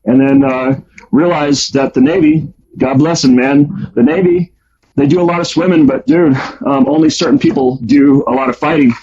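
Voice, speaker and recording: A man's voice: on the high side, normal speed, warm tone, slightly rough. A man casually telling his life story, rambling with many ums and restarts. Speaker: storyteller guest. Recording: dull lo-fi sound.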